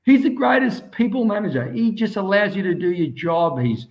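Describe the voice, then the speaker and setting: A man's voice: sits high, very animated, moderate pace, gravelly. Man, Australian accent, enthusiastic, rambling, casual interview, dull lo-fi sound. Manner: enthusiastic, rambling, says "mate" constantly. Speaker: swimmer, interview guest.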